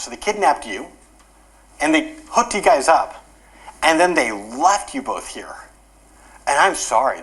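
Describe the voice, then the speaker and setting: A man's voice: on the high side, fairly bright tone, rough recording. A man doing a flustered, apologetic hospital director.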